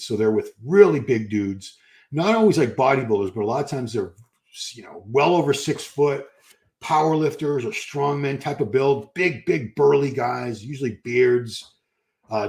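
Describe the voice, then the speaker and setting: A man's voice: mid-range voice, a little mellow. An older man, chatting casually on a live stream and answering comments, rambling and correcting himself as he goes.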